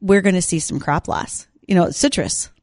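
A woman's voice: fairly low pitch, moderate pace, a little mellow, no echo, clean studio sound. A woman co-hosting an agriculture and weather radio show, chatting in a friendly, conversational way. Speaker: radio farm show co-host. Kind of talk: radio talk show chat.

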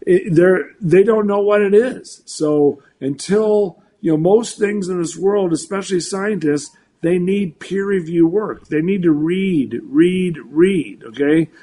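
Older male weather forecaster in his sixties, animated, restarting sentences, faint background noise. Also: high-pitched, measured pace, few pauses. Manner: animated, full of restarts and repeats. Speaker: meteorologist guest. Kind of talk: casual talk show chat.

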